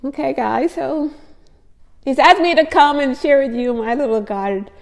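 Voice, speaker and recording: A woman with a somewhat high voice that has a gravelly, fry-tinged edge shares her faith with viewers in a casual vlog. She is effusive and emotional and keeps circling back to the same phrases for emphasis. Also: measured pace, in a large hall. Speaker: faith vlogger.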